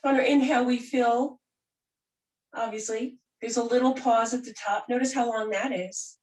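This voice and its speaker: Calm woman guiding yoga in a roomy space. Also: on the high side, moderate pace. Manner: calm, gentle, soothing guidance. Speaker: yoga teacher. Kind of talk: guided yoga and breathing class. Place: room where she does yoga on a mat. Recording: roomy sound from a distant mic.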